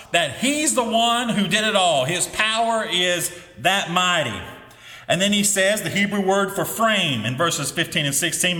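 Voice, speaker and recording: A middle-aged male pastor preaching a sermon, his voice bright and lively as it climbs on the emphatic phrases. It is recorded in a roomy hall with a long reverb behind it. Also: sits high. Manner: emphatic preaching with rising exclamations.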